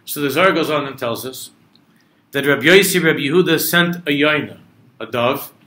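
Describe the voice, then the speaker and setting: A man's voice: fairly high pitch, fairly quick, bright, forceful tone, reverberant. A male rabbi giving a Torah lecture to a travel group. He explains a text line by line, weaves in Hebrew and Aramaic quotations and builds to impassioned emphasis. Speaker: rabbi teaching a class.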